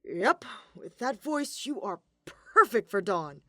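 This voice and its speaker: A woman's voice: mid-range voice, very animated, slow pace, no echo, clean studio sound, full character voice. A woman doing a hearty, cheerful stage manager guy. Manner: loud, upbeat.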